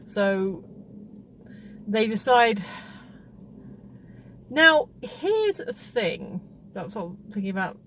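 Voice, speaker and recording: A woman's voice: medium pitch, sing-song, slow pace, pauses often, fairly bright tone, slight background noise. A woman hosting a casual film review chat, rambling and chatty with frequent laughs. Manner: rambling, chatty, laughs often, many restarts.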